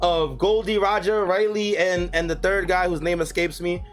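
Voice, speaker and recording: A man's voice: sits high, flat delivery, normal speed, loud music behind the voice. A man co-hosting a podcast, talking in a hyped, slangy casual way. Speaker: podcast co-host.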